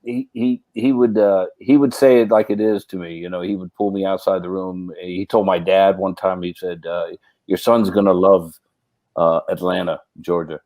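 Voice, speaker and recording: A middle-aged man, a podcast guest and actor, telling casual anecdotes in a rambling way, full of restarts and fillers, and turning animated when he acts out what others said. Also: sits low, moderate pace, hardly any pauses, no room sound, poor audio. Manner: animated when acting out quoted speech.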